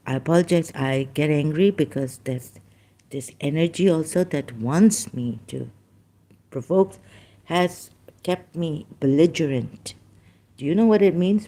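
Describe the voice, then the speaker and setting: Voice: mid-range voice, warm tone. Agitated, rambling vlogger. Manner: agitated, rambling, with apologetic asides. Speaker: YouTube channel host. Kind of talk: ranting monologue to commenters.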